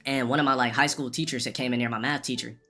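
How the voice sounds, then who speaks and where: A man's voice: mid-range voice, steady tone, fast, bright, forceful tone, soft background music. A man rambling through a profane, casual story as a streamer, with frequent restarts.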